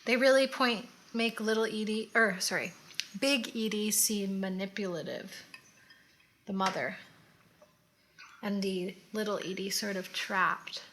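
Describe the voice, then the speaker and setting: This is a woman in a relaxed makeup chat, talking with an easygoing, rambling flow. Her voice is bright and clear, and a faint background hiss sits under it. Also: medium pitch, unhurried, pauses often. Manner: chatty, easygoing, trailing off mid-thought. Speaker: co-host. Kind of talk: casual chat while doing makeup.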